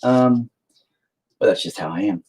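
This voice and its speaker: A man's voice: fairly low pitch, a little slow, a little mellow, slightly rough. A man hosting a painting livestream from home, talking in a rambling, sarcastic, self-mocking way with plenty of swearing. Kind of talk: casual chat while painting.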